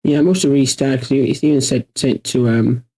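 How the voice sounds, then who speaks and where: A man's voice: mid-range voice, steady tone, moderate pace, warm tone, poor audio. A man hosting a livestream workshop, chatting casually and thinking aloud with frequent restarts.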